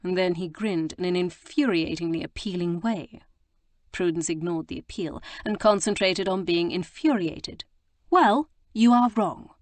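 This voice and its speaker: A woman with a fairly low voice narrates an audiobook in a measured, expressive storytelling style. This is scripted narration, with no echo.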